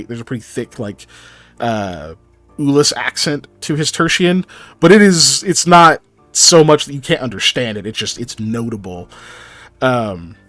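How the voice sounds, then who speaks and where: A man's voice: medium pitch, fairly bright tone. A man running a tabletop game as game master, rambling and laughing often through his narration.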